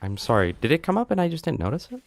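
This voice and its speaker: A man's voice: on the high side, huge pitch swings, rapid-fire, gravelly. A man streaming a video game live, joking around and chatting to his viewers. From United States. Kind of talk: live gameplay commentary.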